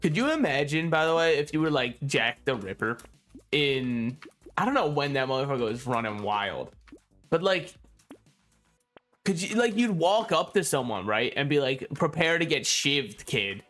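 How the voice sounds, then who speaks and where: A man's voice: mid-range voice, lively intonation, normal speed, fairly bright tone, faint music behind. A young man streaming a video game, rambling through casual commentary with jokes and frequent laughter. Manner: rambling, joking, laughs often.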